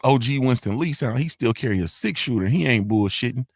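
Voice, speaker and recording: A male host doing casual livestream shout-outs in a loud, hyped, sing-song roll call full of slang. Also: medium pitch, animated, fairly quick, no room sound, clean studio sound.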